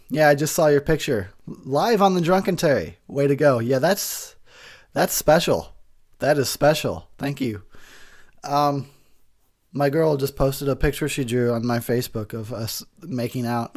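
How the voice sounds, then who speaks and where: Drunk man laughing through movie commentary. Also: on the high side. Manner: rambling, crude, laughs often.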